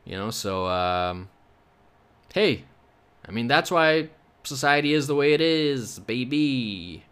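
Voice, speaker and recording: A young Canadian man talks into his solo podcast in an easy, meandering way. He jokes and drifts between tangents with a sarcastic edge. His voice sits in an ordinary middle pitch. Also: lively intonation, slow, pauses often, fairly bright tone, clean tone. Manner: rambling, joking, sarcastic asides. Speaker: podcast host. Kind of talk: casual solo podcast chat.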